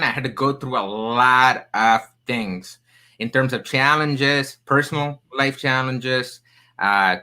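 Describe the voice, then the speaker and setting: Bright-voiced man telling stories, accented. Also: medium pitch, poor audio. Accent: non-native English accent. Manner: animated, emphatic storyteller with jokey asides. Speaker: podcast guest, career coach. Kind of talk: storytelling in a casual interview.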